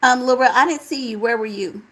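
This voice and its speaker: A woman hosting a casual live chat, reading out viewer comments and answering them in a relaxed, talkative way. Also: fairly high pitch, brisk, low-quality recording. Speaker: livestream host reading chat.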